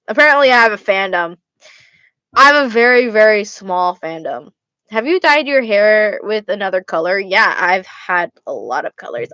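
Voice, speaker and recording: A woman's voice: medium pitch, sharp tone, no echo. A young woman vlogger answering fan questions in a casual way, blunt, laughing often and swearing freely. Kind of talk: casual Q&A vlog.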